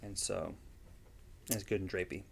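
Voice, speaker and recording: A man's voice: low-pitched, fairly even intonation, a little slow, vocal fry, slight background noise. A man, a guest vendor in a casual interview, speaking in an easygoing, plain-spoken way with frequent ums. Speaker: yarn dyer and guest vendor.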